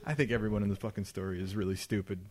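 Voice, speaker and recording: A man co-hosting a casual podcast, talking bluntly and profanely in crude banter at an unhurried drawl. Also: fairly low pitch, fairly even intonation, crowd noise. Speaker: podcast co-host.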